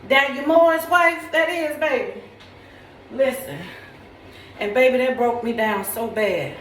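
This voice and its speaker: A tearful woman giving a preacherly testimony to camera, calling the listener "baby" and rising into near-shouting praise. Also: high voice, lively intonation, slow, roomy sound, far from the mic, a little hiss or hum, rough recording.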